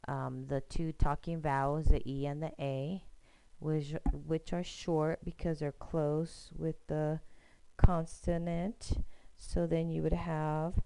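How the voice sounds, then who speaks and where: A woman's voice: deep voice, warm tone, clean tone, dry recording, poor audio. A woman teacher patiently explaining a screencast lesson step by step, often checking in with "okay?".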